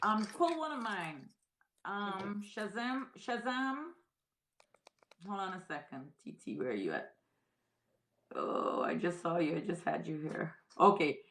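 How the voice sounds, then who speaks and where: A woman's voice: on the low side, sing-song, unhurried, fairly bright tone. A middle-aged woman co-hosting a live stream, calling out viewers by name and place in a scattered, apologetic way. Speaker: co-host calling out viewers' names. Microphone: phone.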